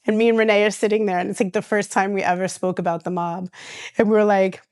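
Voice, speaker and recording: A woman's voice: medium pitch, quick pace, clear, resonant tone, dry recording, clean studio sound. A woman, telling stories in a casual interview and acting out the voices of the people she quotes. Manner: animated storyteller who acts out quoted voices, with restarts and laughs. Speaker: reality TV star and guest.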